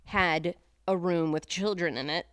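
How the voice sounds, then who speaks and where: A woman in her thirties co-hosting a podcast, chatting casually and getting emotional with quick asides. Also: on the low side, fairly even intonation, a bit bright, no echo, studio quality. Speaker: podcast co-host. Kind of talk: casual chat.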